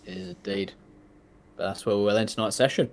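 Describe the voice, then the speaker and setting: A man narrating as game master of a tabletop game, halting and soft-spoken, with many fillers. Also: lowish voice, steady tone, slight background noise.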